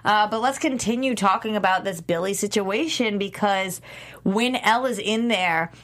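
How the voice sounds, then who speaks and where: A woman's voice: medium pitch, moderate pace, fairly bright tone. A woman hosting a casual discussion podcast, leading the talk and asking her co-hosts questions. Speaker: podcast host.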